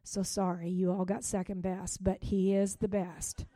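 A middle-aged woman pastor giving an emotional testimony sermon, dropping to soft whispers and rising to loud joyful outbursts. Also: medium pitch, level tone, unhurried, dry recording, clean studio sound.

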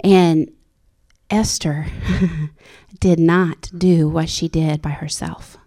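A woman preaching a sermon with passion, climbing to high excited exclamations and dropping to a whisper for her inner thoughts. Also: drawn-out words.

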